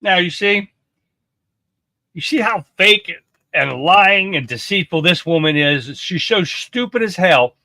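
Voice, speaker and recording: A man's voice: high voice, lively intonation, a little slow, pushed and bright, no echo. A man hosting a livestream, delivering a scornful, profane political rant. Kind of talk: angry commentary rant.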